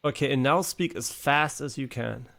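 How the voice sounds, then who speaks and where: A man's voice: mid-range voice, moderate pace, vocal fry, a bit bright. A male game streamer chatting casually on a live stream, swearing and laughing as he teases a voice assistant. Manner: profane, laughing, teasing a voice assistant.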